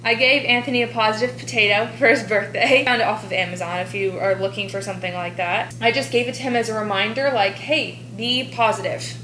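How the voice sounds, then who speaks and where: A woman's voice: medium pitch, quick pace, hardly any pauses, fairly bright tone, a little hiss or hum. A woman vlogging casually to camera as a bodybuilding competitor, upbeat and chatty, talking earnestly about staying positive. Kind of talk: casual vlog talk to camera. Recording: echoey room.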